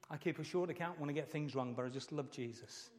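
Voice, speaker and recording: Middle-aged male pastor, fairly high voice, heartfelt sermon with repetition, long church reverb. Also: fast talker. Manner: earnest, emotional preaching with repeated phrases.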